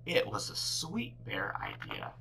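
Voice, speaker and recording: A woman teacher reading a picture book aloud to children, with big expressive swings in her delivery. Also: very deep voice, slow pace, vocal fry, slight background noise, rough recording. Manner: animated, big swings for characters.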